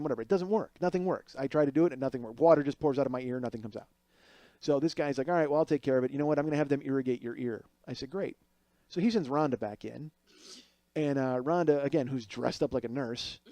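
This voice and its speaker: Dark-voiced man telling a comic story. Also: medium pitch, fast, no room sound. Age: middle-aged. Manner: animated, acts out other people's voices. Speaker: podcast host.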